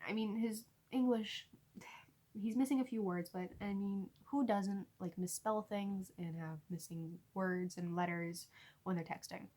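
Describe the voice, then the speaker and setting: A young woman with a husky, slightly breathy voice tells a story to her viewers. She talks in a lively, animated way and keeps breaking into laughter. Her voice sits at an ordinary pitch for a woman. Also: a little slow. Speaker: vlogger. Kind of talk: storytime vlog.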